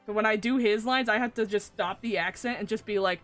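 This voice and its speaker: A woman's voice: medium pitch, quick pace, hardly any pauses, a bit bright. A woman streamer chatting casually and animatedly about a game, swearing and laughing a lot. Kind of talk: casual live-stream chat. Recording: faint game music behind.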